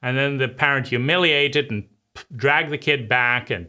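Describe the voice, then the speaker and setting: Bright-voiced man teaching animatedly. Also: medium pitch, normal speed, clear, resonant tone. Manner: acts out inner voices and scenes. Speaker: teacher of a personal-growth channel.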